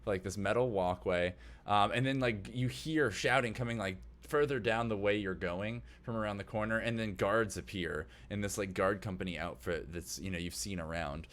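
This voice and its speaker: A man's voice: fairly low pitch, moderate pace, few pauses, fairly bright tone. A man narrating as game master of a tabletop game, describing scenes loosely with many fillers.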